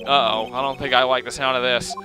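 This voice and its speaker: A man voicing a wry young male defense lawyer in a dry, deadpan way. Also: mid-range voice, fast, music in the background, close to an everyday voice.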